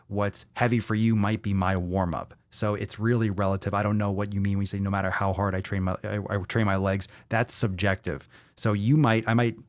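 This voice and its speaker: A man's voice: on the low side, dry recording, clean studio sound. A man hosting a casual livestream fitness Q&A, talking in a blunt, profane, off-the-cuff way. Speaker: fitness podcast host.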